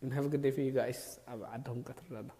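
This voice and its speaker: A man, a YouTube comedian, chatting casually and rambling softly as he reads viewer comments on a live stream. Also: mid-range voice, steady tone, fast talker, creaky, big-room sound. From Eritrea. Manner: soft-spoken, rambling, reading viewer comments.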